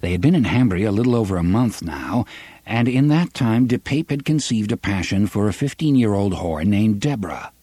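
A man reading a western novel aloud as audiobook narrator, with an expressive, varied delivery on a close studio mic. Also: lowish voice, moderate pace, slightly rough, no room sound. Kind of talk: scripted narration.

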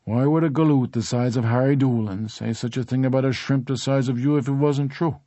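A man voicing a stern middle-aged police officer who questions slowly and firmly. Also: medium pitch, fairly even intonation, warm tone, no room sound, pitched above the performer's own voice, natural voice. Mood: doubting. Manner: firm, probing, deliberate. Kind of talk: audiobook character voice.

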